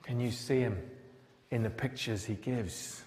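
In a large church with long reverb, a man delivers a sermon, recounting a Bible story with drama and asking plenty of rhetorical questions. His voice is mid-range, unhurried and somewhat dark. There's a little hiss or hum in the audio.

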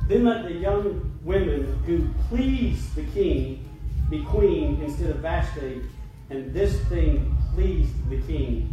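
A man, a pastor, preaching a sermon and leading a prayer, emphatic when preaching and quieter and slower in prayer. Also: fairly high pitch. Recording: echoey hall, distant mic, noisy.

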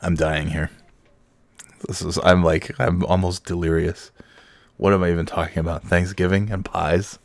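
Sick middle-aged male podcaster, deep, gravelly, dry mic, rambling and self-mocking. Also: flat delivery, moderate pace, dry recording. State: sick, holding back coughing fits; half awake. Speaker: podcast host. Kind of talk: casual solo podcast monologue. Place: home with kids heard in the background.

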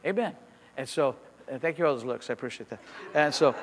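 Emphatic preacher in a reverberant church. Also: male voice, medium pitch, fast. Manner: emphatic preaching that swings between soft asides and loud declarations. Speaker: pastor. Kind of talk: sermon with personal stories.

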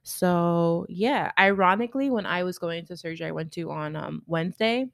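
A young woman co-hosts a casual podcast on a close, dry mic, with a slightly low voice. She tells stories animatedly and acts out the people she quotes. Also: moderate pace, creaky, fairly bright tone, no room sound. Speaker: podcast co-host. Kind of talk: casual chat.

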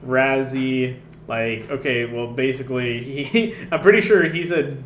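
A man's voice: mid-range voice, a little slow, a bit bright, roomy sound, a little hiss or hum. A young man recapping a web series he made, rambling with many fillers and laughs, in a casual chat.

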